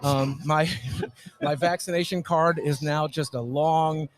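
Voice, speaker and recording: Brief: male guest, rowdy and profane, fairly high-pitched, casual storytelling. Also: slow pace. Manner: rowdy, sweary, animated storyteller. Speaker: guest YouTuber. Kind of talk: casual convention podcast chat. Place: comic convention.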